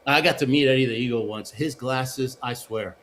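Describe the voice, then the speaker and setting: Middle-aged male interview guest, animated raconteur who keeps asking "right?". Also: mid-range voice, normal speed, slight background noise. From Argentina and the United States. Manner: animated storyteller, many restarts and "right?" tags. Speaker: guest, former Olympic luge athlete. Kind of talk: casual storytelling interview.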